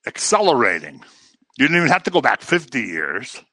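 A middle-aged man leading an informal Bible study, talking casually, repeating phrases for emphasis and mimicking other people's voices in a low, mocking tone. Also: wildly swooping pitch, a little fast, bright, forceful tone, husky, no room sound.

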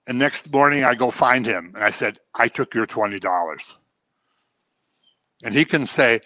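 Man, pastor, sermon, bright tone, dry close sound, chatty storytelling. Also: mid-range voice, expressive, normal speed, no room sound. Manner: conversational teaching with acted-out examples.

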